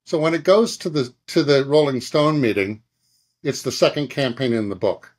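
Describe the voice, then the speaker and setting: His voice is mid-range and husky, with a moderate pace. This middle-aged guest, an advertising creative director, relates a story with lots of energy, imitating other people's voices and adding sound effects as he goes.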